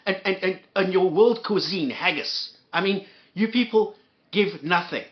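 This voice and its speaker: A man with a fairly high voice rants in anger, swearing freely and heaping sarcasm and insults on his target. He trips over his words, repeating and restarting as he goes. The recording sounds dull and lo-fi. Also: unhurried. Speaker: commentator reacting to a clip. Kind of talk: angry profane ranting.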